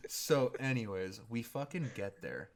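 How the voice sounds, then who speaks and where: A man's voice: mid-range voice, lively intonation, unhurried, noisy background. A young man casually telling a story, rambling and laughing, with heavy swearing.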